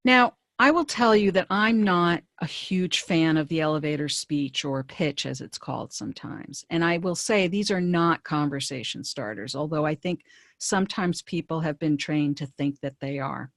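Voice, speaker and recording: Career coach woman, low dry voice. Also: expressive, dry recording. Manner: conversational, brisk, with frequent fillers and restarts. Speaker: career coach presenting a webinar. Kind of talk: webinar presentation.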